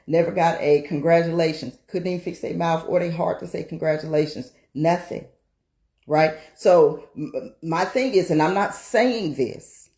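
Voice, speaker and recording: A woman's voice: fairly low pitch, dark tone. A woman minister giving an emphatic, testimony-style sermon. She repeats phrases for emphasis and often checks in with "right?". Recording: roomy echo.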